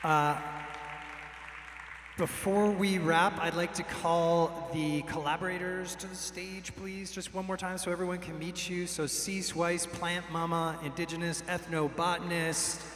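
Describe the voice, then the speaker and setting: A man's voice: high-pitched, little pitch movement, measured pace, fairly bright tone, some chatter behind, slight background noise. A man hosting an event, introducing guests in a loose, friendly way with many fillers. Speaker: event host. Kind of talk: event emcee remarks. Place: large hall, a former church. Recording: roomy hall with long reverb and faint ambience.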